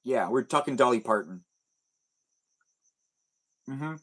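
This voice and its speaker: A young man hosts a laid-back livestream at home, reading chat comments aloud and rambling in reply, with the TV on behind him. He speaks slowly but animatedly in a mid-range, fairly bright voice with a breathy edge.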